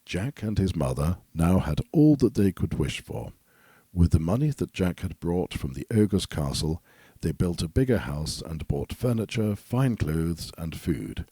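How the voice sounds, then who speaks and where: A male storyteller reads a fairy tale in a very low, dark voice. The tone is husky. The recording is dry and close. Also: very animated, measured pace, no room sound. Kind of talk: storybook narration.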